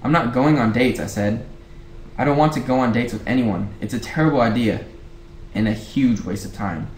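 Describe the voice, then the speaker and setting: A man's voice: mid-range voice, normal speed, a little mellow. Man reading a novel aloud casually. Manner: rereads lines, breaks off to chat. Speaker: book club reader. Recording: roomy echo, faint background hiss.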